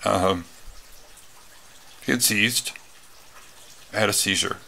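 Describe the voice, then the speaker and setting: A man talks through a personal story, circling back with fillers and restarts. His voice sits fairly low but has a bright, forward edge and a gravelly texture. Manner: rambling, many fillers and restarts. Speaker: retreat speaker.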